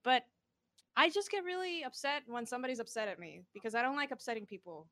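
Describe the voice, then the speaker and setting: A woman's voice: a little high, expressive, fast talker, bright, forceful tone. A young woman streamer in casual chat, giggling often and rambling with lots of fillers.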